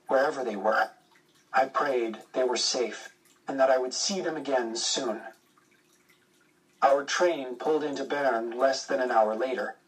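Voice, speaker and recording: Steady male storyteller, mid-pitched, reads first person, slightly distant mic. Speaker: audiobook narrator. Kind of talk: first-person audiobook narration.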